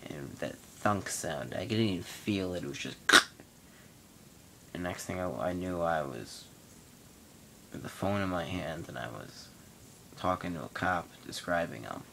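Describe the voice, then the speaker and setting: A young man in his late teens hosting his own vlog, telling a long personal story in a casual, rambling, matter-of-fact way with pauses. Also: low voice, expressive, vocal fry, background noise. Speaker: vlog host.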